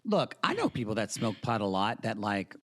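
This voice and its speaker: A man's voice: fairly low pitch, sing-song, moderate pace. A man co-hosting a podcast, giving blunt opinions in casual chat about a reality show. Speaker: podcast co-host.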